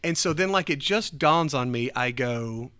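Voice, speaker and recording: A man telling a story in a casual chat, animated, laughing often and acting out what people said. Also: mid-range voice, a little slow, clean tone. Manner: animated, acts out quoted voices, laughs often. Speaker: church podcast host.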